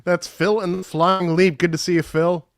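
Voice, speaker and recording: A man's voice: high voice, little pitch movement, moderate pace, dry recording, studio quality. A man hosting a virtual open mic, introducing performers with upbeat, slightly stumbling patter.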